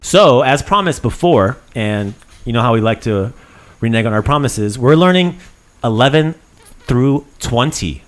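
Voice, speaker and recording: A man's voice: mid-range voice, a little slow, soft background music. A man teaching a casual language lesson in a playful, joking way to two friends. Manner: playful, joking, lively coaching.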